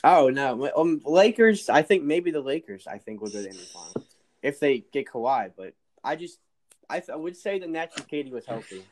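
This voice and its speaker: A man's voice: fairly high pitch, very animated, a little fast. A man guesting on a casual sports chat, opinionated and often restarting his sentences.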